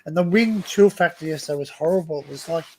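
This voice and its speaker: A man's voice: on the high side, fast, darkish tone. An Australian man hosting a casual livestream chat, rambling and laughing often, repeating words as he talks. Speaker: livestream host.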